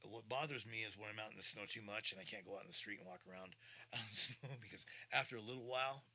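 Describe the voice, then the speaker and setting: A man in his sixties hosting a podcast, talking in a casual rambling monologue, excitable and swinging from low mutters to loud bursts. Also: fast. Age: 60s. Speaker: podcast host. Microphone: studio mic through audio interface.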